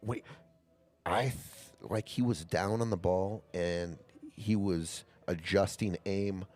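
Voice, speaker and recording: A man commentating a live pool match, explaining shots in a halting way with many restarts. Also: sits low, steady tone, darkish tone.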